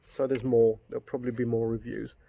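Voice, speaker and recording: Middle-aged guy reviewing a book, gravelly voice, rambly and heated, bit of hiss behind. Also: mid-range voice, level tone, a little fast. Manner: rambling, gets worked up and swears. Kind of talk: casual spoken book review.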